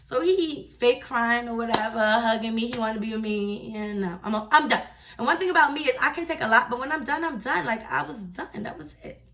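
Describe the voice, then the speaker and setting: A young woman vlogger telling a story in a casual, chatty, slangy and animated way. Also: fairly high pitch, fairly quick, recorded from a distance.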